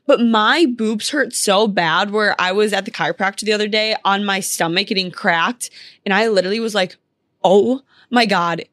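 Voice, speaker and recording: A woman's voice: medium pitch, brisk, a bit bright, no echo. A young woman in casual podcast chat, candid and chatty, filling her talk with "like." Her voice sits in an ordinary middle register. It is recorded close and dry, with no room sound. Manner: candid, chatty, heavy use of "like". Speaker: podcast co-host.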